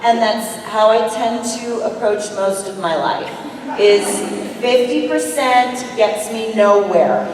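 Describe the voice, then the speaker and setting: A woman's voice: fairly high pitch, slow, background noise. A woman on a convention panel talking earnestly about taking risks at auditions. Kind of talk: casual panel talk. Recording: echoey hall from far off.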